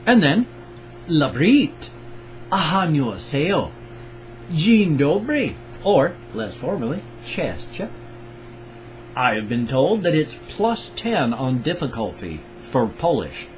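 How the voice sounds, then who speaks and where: Slow, animated older man vlogging. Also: a little high, a little hiss or hum, poor audio. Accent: Pacific Northwest US. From Pacific Northwest of the US. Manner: rambling and chatty, jumps between topics with self-corrections. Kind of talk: casual solo vlog greeting viewers.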